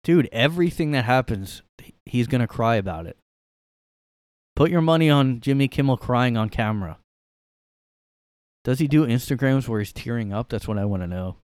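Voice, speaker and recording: A man's voice: medium pitch, animated, normal speed, pauses often, darkish tone, clean tone, dry recording. Sarcastic rambling man in a dry room. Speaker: podcast host. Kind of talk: casual solo commentary. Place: his room.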